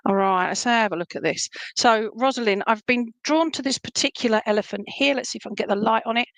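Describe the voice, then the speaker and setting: A woman's voice: on the high side, fast, fairly bright tone, no echo. A woman with an Essex accent giving live readings as a medium, chatting casually with many fillers and restarts while she reads viewer comments aloud.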